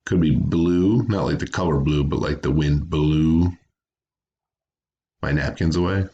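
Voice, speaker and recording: A teacher with a very low, deep, dark voice leads a recorded phonics lesson for young students at a measured pace. He's patient and careful, splitting words into syllables and repeating each sound. The recording has its highs cut off.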